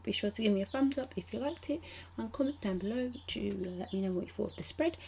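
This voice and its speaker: A woman's voice: mid-range voice, expressive, fast, vocal fry, darkish tone, a little hiss or hum. A young British woman narrating her planner spreads in a chatty, rambling way, with ums and little asides. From United Kingdom. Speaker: planner vlogger. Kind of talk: casual voice-over narration.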